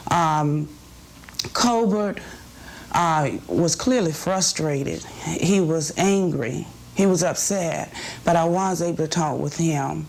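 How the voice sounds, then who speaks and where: A woman recalling a past experience in an interview, composed and deliberate. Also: low voice, a little mellow. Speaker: interviewee, civil rights activist. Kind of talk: interview recollection.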